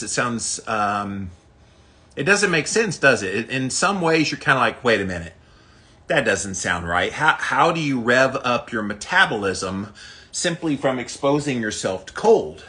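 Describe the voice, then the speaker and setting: A man's voice: medium pitch, bright, forceful tone, rough recording. A man vlogging casually from an outdoor ice bath, upbeat and chatty, asking his viewers rhetorical questions. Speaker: health vlogger. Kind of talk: casual talk to camera while sitting in an ice bath.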